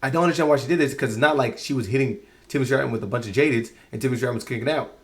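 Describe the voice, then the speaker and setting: A man's voice: mid-range voice, very fast. A man giving a casual spoken review of a show, exasperated and rambling, often restarting his sentences.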